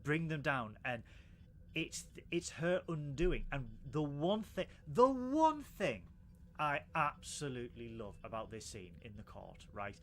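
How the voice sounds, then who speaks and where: Excitable jokey podcast man. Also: mid-range voice, a little slow, slight background noise. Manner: excitable, jokey, stammering restarts. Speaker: podcast co-host. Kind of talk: casual live podcast chat.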